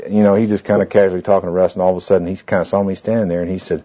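Racing along with few pauses, a man with a lowish, mellow voice guides a small group through a goal-setting handout. He talks in an informal, folksy, rambling way with fillers, asides and anecdotes, recorded on dull lo-fi tape.

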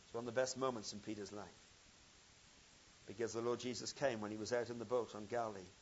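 A man preaching a sermon, telling a story with swings from loud emphasis to quiet intensity. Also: lowish voice, fairly even intonation, quick pace, muffled recording, slight background noise.

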